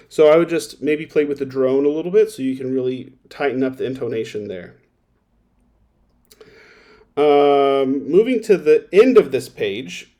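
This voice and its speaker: A violin teacher with a medium-pitched, dark-toned voice gives methodical, directive feedback on a recorded performance, sometimes singing phrases to demonstrate.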